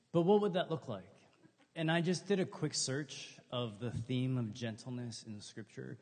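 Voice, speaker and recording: A middle-aged man preaching a sermon in a relaxed, conversational way, telling funny stories and acting out what people said. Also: mid-range voice, slightly rough, in a large hall. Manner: conversational, humorous storytelling with acted quotes. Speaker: pastor.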